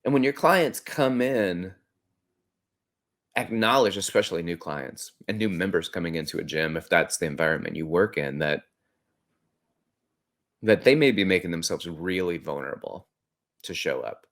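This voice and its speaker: A man hosting a podcast, telling a personal story in an earnest, conversational way that grows animated when he quotes others. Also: sits low, moderate pace, pauses often. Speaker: podcast host. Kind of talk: reflective storytelling monologue.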